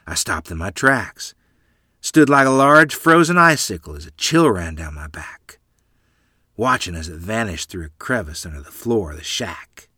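A male narrator reads a first-person story aloud with an expressive storytelling touch. His delivery rises and falls in a lively way, and his tone is bright. The recording is close and dry. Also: fairly low pitch, moderate pace, husky, no room sound.

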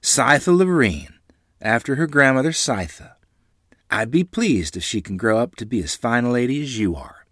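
A man reading a storybook, voicing a gentle, cheerful young pioneer mother in a raised, husky voice. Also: mid-range voice, big pitch swings, normal speed, no echo, clean studio sound, voice pushed up. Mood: warm. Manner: soft, caring, cheerful.

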